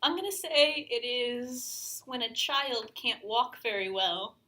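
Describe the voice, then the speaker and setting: A woman's voice: a little high, takes it slowly, pushed and bright, a little hiss or hum. An American woman co-hosting a podcast, guessing aloud with giggles in a casual chat. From United States. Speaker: podcast co-host.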